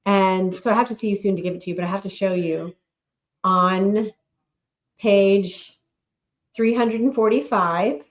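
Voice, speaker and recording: A middle-aged woman co-hosting a casual chat podcast, talking in a measured, matter-of-fact way. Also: medium pitch. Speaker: podcast co-host and novelist.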